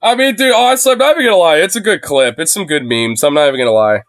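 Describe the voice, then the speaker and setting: Rambling man with a smooth, dry voice. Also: a little high, racing, fairly bright tone, no room sound. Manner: rambling, heavy fillers and swearing. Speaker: streamer. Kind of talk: livestream commentary. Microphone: phone.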